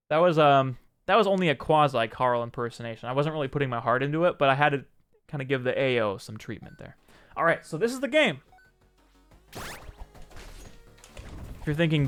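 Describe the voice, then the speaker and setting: A streamer and indie game developer shows off his own game in casual live-stream commentary, chatting upbeatly and thanking viewers by name. His voice is a little high, expressive, a bit bright, and clean at normal speed, with soft background music.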